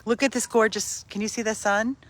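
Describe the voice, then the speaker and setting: Streaming live from a yard on her phone for a dog rescue, this woman keeps things casual, welcoming viewers by name and switching to high, sing-song baby talk for the dogs. She speaks briskly with fairly even intonation and a slightly bright tone.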